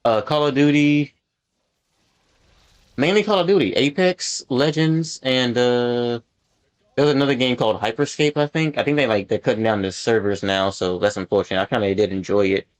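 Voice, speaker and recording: A man hosting his gaming channel, rambling through casual gameplay commentary full of ums and likes, getting animated when something annoys him. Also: medium pitch, normal speed.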